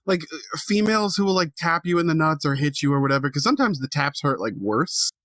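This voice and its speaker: A man's voice: on the high side, lively intonation, fairly quick, a bit bright, no room sound, studio quality. A man co-hosting a podcast, joking around in casual banter. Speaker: podcast co-host.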